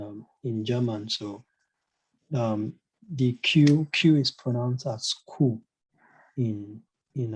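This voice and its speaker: A man's voice: mid-range voice, a little mellow, breathy edge, low-quality recording. A man teaching a casual online language lesson, hesitant, with many fillers and restarts. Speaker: German teacher.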